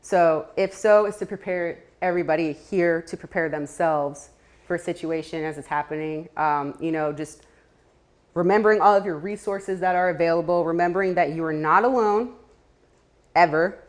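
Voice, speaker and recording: A woman's voice: lowish voice, moderate pace. A woman giving a casual talk to a live audience, chatty, with laughing asides and many fillers. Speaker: community speaker.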